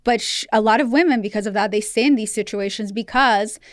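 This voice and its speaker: Smooth-voiced woman from Russia. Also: mid-range voice, fairly quick, dry recording, clean studio sound. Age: 30s. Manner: candid, storytelling, laughs often. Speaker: podcast guest. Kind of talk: casual chat.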